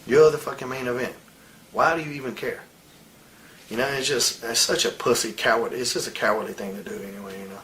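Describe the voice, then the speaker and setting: A man in his forties speaks in a candid, heated interview, blunt and full of profanity. His voice sits at a middle pitch. Faint noise runs under the recording. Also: steady tone, a little fast, pushed and bright, rough recording. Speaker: interviewee, wrestler.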